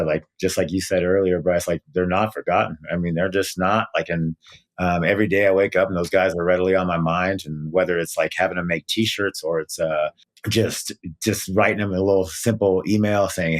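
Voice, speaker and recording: Earnest, animated low-voiced man. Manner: earnest, animated storytelling with many fillers. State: emotional. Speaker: guest. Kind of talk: casual interview talk.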